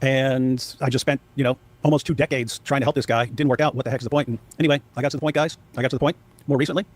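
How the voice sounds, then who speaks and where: A man giving casual commentary, sarcastic, sometimes mocking others in exaggerated high-pitched quotes. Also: steady tone, racing, breathy edge.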